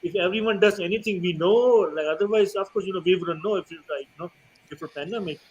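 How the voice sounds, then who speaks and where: A man's voice: high voice, fast talker, slightly rough, dull audio. A male host on a video call, chatting casually and filling his talk with "you know" and "like". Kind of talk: casual livestream chat.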